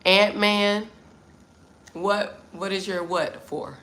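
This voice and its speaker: A woman's voice: medium pitch, steady tone, slow pace, fairly bright tone. A middle-aged American woman hosting a casual livestream from Vietnam, chatting and answering viewers' comments. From United States. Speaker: livestream host.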